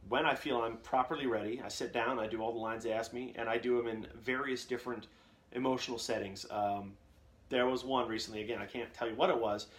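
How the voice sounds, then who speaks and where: A man's voice: mid-range voice, a bit bright. A man hosting a live Q&A, giving casual advice in a plain, everyday voice that he calls nerdy. He rambles candidly and often restarts his sentences.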